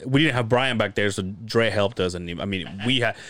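A man's voice: fairly low pitch, a little fast, crowd noise. A man hosting a podcast, telling stories in casual chat with lots of swearing and acted-out voices. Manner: animated storyteller acting out quoted voices, swears freely. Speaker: podcast host.

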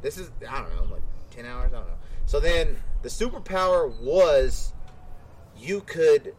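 A man's voice: a little high, very animated, unhurried, a little mellow. Rambling, tipsy male podcast storyteller. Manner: rambling storyteller, swears freely. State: a little tipsy. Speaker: podcast host. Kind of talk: casual chat.

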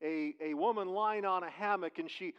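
A man's voice: high-pitched, moderate pace, clean tone. A man, preaching a sermon as pastor in a conversational way, with restarts and rhetorical questions. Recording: dull, lo-fi church recording.

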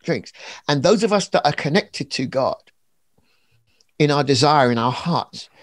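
A man with a fairly high voice, talking in an animated, preacherly way. He leans hard on key words and acts out little scenes. It sounds like a conversation, not a sermon from a pulpit. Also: a little slow, no echo. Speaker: author and preacher being interviewed.

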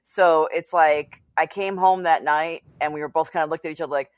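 A woman's voice: low voice, steady tone, fairly quick, no room sound. A woman co-hosting a podcast, chatting frankly and giggling often. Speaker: podcast co-host. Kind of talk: casual chat.

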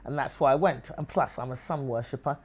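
A woman's voice: rumbling low, fairly quick, a little mellow, husky. A woman with an English accent, a comedian talking as an interview guest, who acts out other people's voices as she tells stories. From England. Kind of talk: lively interview conversation.

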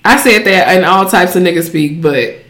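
A woman's voice: fairly low pitch, normal speed, fairly bright tone. Blunt, profane woman in a roomy echo. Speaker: podcast co-host. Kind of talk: casual chat.

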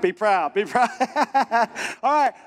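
Man, pastor, very high voice, joking sermon, quizzes the crowd. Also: animated, slow. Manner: joking, asks the crowd questions. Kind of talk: playful sermon to a congregation.

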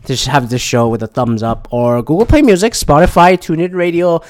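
A man's voice: fairly high pitch, brisk. A man from Canada hosting his own podcast, rambling through movie opinions in a casual, profane, wry way. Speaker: podcast host.

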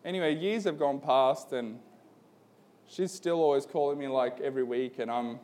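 A young adult man with a mid-range, darkish voice preaches a conversational sermon at normal speed, with a slight hiss or hum in the background. The pastor tells a personal story loosely, dropping in "like" and "man," before building to an earnest appeal.

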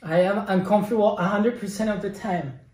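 A young man with a Spanish accent chatting casually as a guest, playful and quick to laugh, often stumbling over his words. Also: high-pitched, a little mellow. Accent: Spanish-accented English. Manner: playful, stammering restarts, laughs easily. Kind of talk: casual chat. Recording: echoey room.

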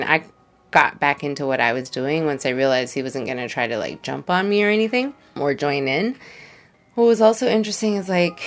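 Young woman podcast host rambling through a story, low voice, lots of "like". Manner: chatty, lots of "like" fillers. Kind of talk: casual storytelling.

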